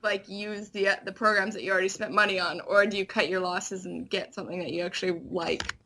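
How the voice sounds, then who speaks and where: A woman's voice: medium pitch, fairly even intonation, fast talker, pushed and bright. A woman guesting on a podcast, chatting animatedly and laughing easily. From Canada. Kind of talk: casual chat.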